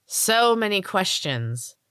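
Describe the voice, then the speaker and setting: Sly, taunting teen girl villain for an audiobook read by a woman, low and even-toned, no room sound. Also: moderate pace, no room sound, clean studio sound. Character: menacing, mocking tattooed teen girl with strange powers.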